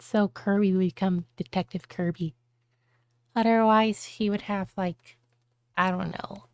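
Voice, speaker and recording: A woman's voice: medium pitch, darkish tone, no echo. A woman streamer chatting casually on a live stream, bubbly, with cutesy baby-talk words.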